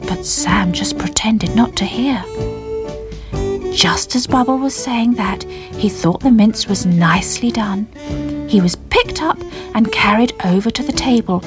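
A woman narrating a children's story in a gentle storybook manner, over soft music. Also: fairly high pitch.

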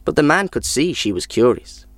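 A man reads a folk tale aloud in a measured, expressive way. His voice is mid-pitched and lively. The sound is dry and close to the mic. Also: dry recording. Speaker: storyteller.

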